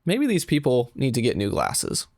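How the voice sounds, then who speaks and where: A storyteller in their twenties reads online stories aloud and keeps cutting in with dry, sarcastic jokes. The voice has a gravelly fry, and the delivery swings up and down a lot. The recording sounds close and dry. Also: medium pitch, moderate pace, dry recording. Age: 20s. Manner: sarcastic asides, animated. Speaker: storytelling channel host.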